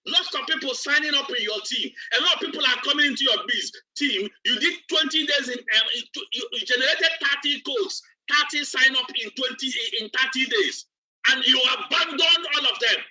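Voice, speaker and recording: A man's voice: very high voice, lively intonation, normal speed, sharp tone. A man, a business coach giving a preacher-like motivational training, repeating himself emphatically. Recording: distant, dull lo-fi recording.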